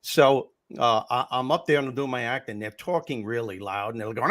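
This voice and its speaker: An older man recounts his stand-up days with animated energy, slipping into the voices of the people in his stories. He talks at a middle pitch in a conversational interview. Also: a little fast, hardly any pauses. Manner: animated anecdotes, acts out quoted voices. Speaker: comedian and former teacher. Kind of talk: storytelling in a podcast interview.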